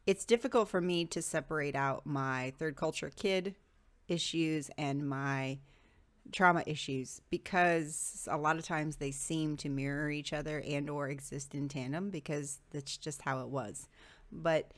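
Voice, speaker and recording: A woman vlogger talking to her viewers in a casual, reflective monologue, thinking aloud and pausing often on "um". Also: sits low.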